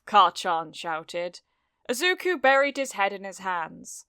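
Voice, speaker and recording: A woman reads a story slowly and carefully, with a bright, smooth voice recorded close and dry. She lightly changes her voice for each character she reads. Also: mid-range voice, lively intonation, dry recording. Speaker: fanfiction reader.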